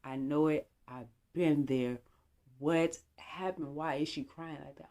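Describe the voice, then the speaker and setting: A young woman vlogger telling a casual, animated story and acting out bits of dialogue. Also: low voice, a little slow. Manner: animated, chatty, acts out dialogue.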